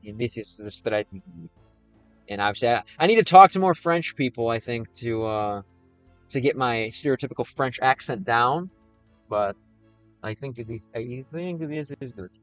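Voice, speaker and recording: A man's voice: medium pitch, lively intonation, moderate pace, no echo, soft background music. An American man livestreaming and chatting casually with viewers, reading their questions aloud. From United States.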